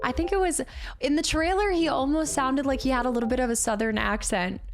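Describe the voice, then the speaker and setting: A woman's voice: high-pitched, brisk. A woman chatting casually as she streams a game and thanks viewers by name. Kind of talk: casual live gameplay commentary.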